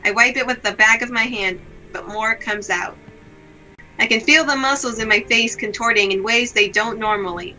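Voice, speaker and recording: A woman reading aloud the lines of a gloomy, self-blaming young woman from a visual novel, in a slow, subdued, melancholy way. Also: a little high, pushed and bright, faint music behind, rough recording.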